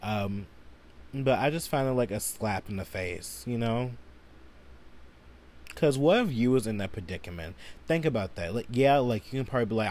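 A man's voice: medium pitch, animated, moderate pace, a little mellow. A man hosting a solo podcast, ranting angrily and profanely with lots of filler words. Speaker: podcast host.

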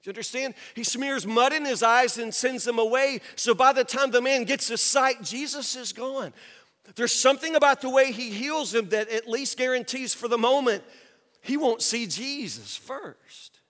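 A man preaching a sermon as pastor, swinging from quiet asides to loud rising peaks. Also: very high voice, moderate pace. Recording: long hall reverb.

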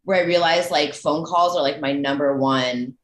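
A woman's voice: low-pitched, normal speed, roomy sound. A woman in her thirties, a podcast guest talking candidly with self-deprecating humor and casual swearing. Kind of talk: casual chat.

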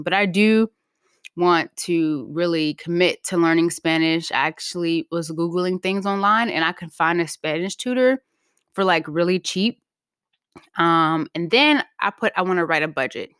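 A woman's voice: fairly low pitch, fairly bright tone, smooth, no echo, studio quality. A woman hosting her own podcast in a casual solo chat, talking loosely with lots of "like" and "um" and laughing easily. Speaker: podcast host.

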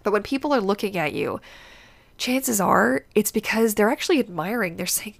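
A woman's voice: mid-range voice, animated, moderate pace, creaky. A young woman hosting a casual chat, talkative and laughing often, with a stuffed-up, congested nose. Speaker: podcast host.

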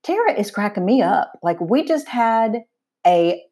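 A woman's voice: medium pitch, very animated, measured pace, warm tone. A woman introducing her podcast episode in a gushing, enthusiastic way. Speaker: podcast host.

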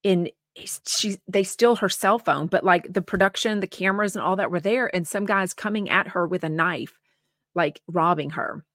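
Woman co-host, bright chatty delivery, close dry sound, reads viewer comments. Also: fairly low pitch, moderate pace, no room sound. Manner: chatty, rambling, sympathetic. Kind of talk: casual chat reading viewer comments.

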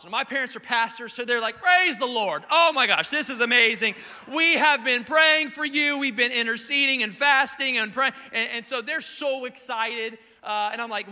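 A man in his thirties from South Carolina, preaching a sermon as a lively storyteller who acts out the quotes. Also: very high voice. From South Carolina, USA. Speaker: pastor. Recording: church hall reverb.

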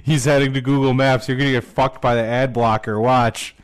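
A man's voice: medium pitch, steady tone, fairly quick, clean tone. A young man co-hosting a podcast, playful and teasing in casual chat. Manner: playful, teasing, laughs easily. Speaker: podcast co-host.

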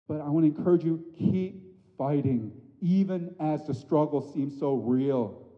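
A man in his thirties delivers a sermon in a church sanctuary, his delivery animated, climbing to loud emphatic peaks before sinking to soft, hushed lines. The sound is slightly dull, and a long reverb trails behind every phrase. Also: fairly high pitch, normal speed. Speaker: pastor.

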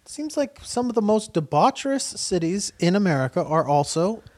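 A man's voice: high-pitched, sing-song, moderate pace, darkish tone. Laid-back male podcast co-host. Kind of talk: casual comedic banter.

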